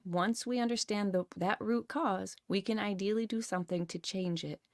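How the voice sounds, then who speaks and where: A woman's voice: mid-range voice, normal speed, dry recording, clean studio sound. A woman reading a self-help book aloud and stopping often to comment and swear casually. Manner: reads, rereads and comments with swearing.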